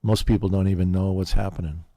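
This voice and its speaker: A man's voice: low-pitched, fairly even intonation, fast, dark tone, dry recording. A man giving an interview, talking urgently, with emphatic repetitions and frequent fillers. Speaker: interview guest, peace activist. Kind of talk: earnest conversational interview.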